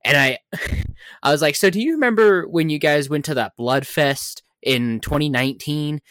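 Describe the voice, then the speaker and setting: Laughing man chiming in, slightly high voice. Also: moderate pace, a bit bright, dry recording, clean studio sound. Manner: laughs often, chimes in with short remarks. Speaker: podcast co-host. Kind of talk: casual storytelling chat.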